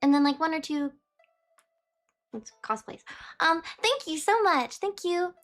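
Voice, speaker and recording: A woman's voice: extremely high pitch, animated, measured pace, a bit bright, soft background music. A young woman streamer rambling casually to her chat, saying "beep" aloud in place of words she bleeps out. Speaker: streamer chatting with viewers.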